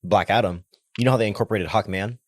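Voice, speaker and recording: Brief: steady man with a lowish voice, explains things calmly, dry close sound. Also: quick pace, no room sound. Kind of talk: casual chat.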